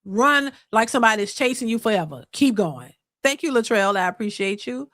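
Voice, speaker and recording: A woman's voice: fairly high pitch, lively intonation, normal speed, fairly bright tone, no echo, clean studio sound. A woman hosting a live reaction stream, exclaiming and talking straight to her viewers as she reads their messages.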